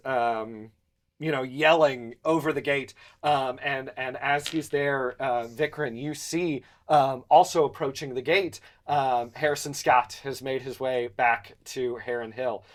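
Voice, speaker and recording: A man's voice: mid-range voice, fairly even intonation, takes it slowly. A man narrating as game master and hosting a podcast, hesitant and full of fillers.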